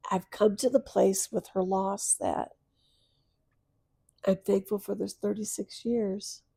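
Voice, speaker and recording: A middle-aged woman, a podcast guest, telling a personal story of loss, tearful and earnest, moving from soft hushed lines to louder bursts. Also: medium pitch, fairly even intonation, takes it slowly, vocal fry, slightly rough, no echo, clean studio sound.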